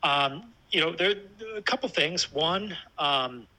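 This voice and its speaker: A man casually talking about hiking with his dog, thoughtful and relaxed, with many fillers and restarts. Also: fairly high pitch, measured pace, low-quality recording. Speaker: hiker discussing a trip with his dog. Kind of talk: casual chat.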